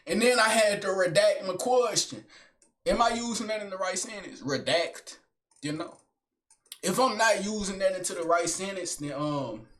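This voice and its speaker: A young male vlogger rambles through a casual, joking solo monologue heavy with street slang. He's animated and loose, swinging between hype and mumbled asides, speaking at normal speed in a voice that's high for a man.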